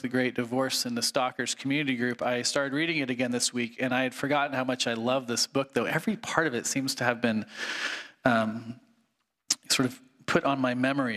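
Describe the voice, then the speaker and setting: A man's voice: mid-range voice, a bit bright. A male pastor delivering an earnest, conversational sermon and reading aloud from a book, with frequent fillers.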